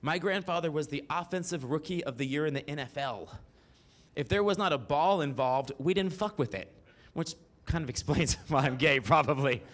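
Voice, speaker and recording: His mid-range voice is a bit bright as this forty-something Mississippian tells autobiographical stories on stage alone. The style is candid and salty, sprinkled with asides to the audience.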